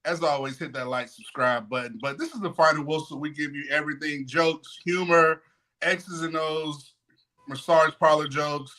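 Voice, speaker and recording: A man's voice: a little high, pushed and bright. A man hosting a sports podcast, joking and hyping up his co-hosts. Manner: hype, joking, drawn-out emphasis. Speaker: podcast host. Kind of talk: lively sports podcast chat.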